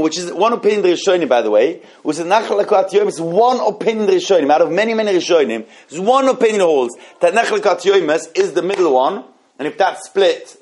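Higher-voiced man teaching a text class. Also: darkish tone. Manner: explains texts slowly with many restarts and repeated phrases. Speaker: Torah teacher. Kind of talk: halachic class with questions.

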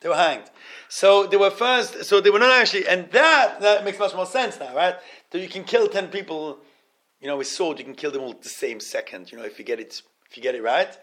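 Halting, high-voiced man teaching Torah. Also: fairly bright tone. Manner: halting, repeats words, asks the class questions; mixes Hebrew terms into English. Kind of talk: informal Torah class.

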